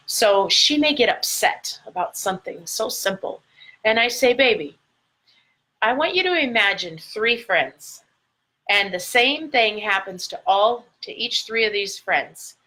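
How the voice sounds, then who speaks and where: A woman's voice: medium pitch, animated, a little slow, pushed and bright, poor audio. A middle-aged woman coaching her viewers in a motivational talk, stretching out key words for emphasis and recording herself for a live video. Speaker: life coach. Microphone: phone or camera mic, recording a live video.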